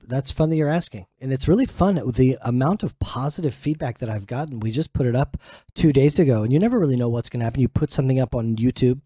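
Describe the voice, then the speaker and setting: A man's voice: mid-range voice, dark tone, no room sound. A man co-hosting a casual chat, talking earnestly and reflectively. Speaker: co-host. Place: outdoors on a farm in the mountains.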